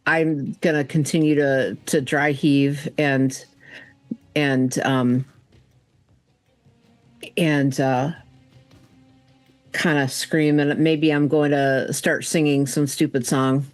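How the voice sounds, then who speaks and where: Male player, mid pitch, halting role-play speech, dry recording with faint music bed. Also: flat delivery, no echo. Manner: hesitant, many fillers, describing panic. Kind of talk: casual tabletop role-play.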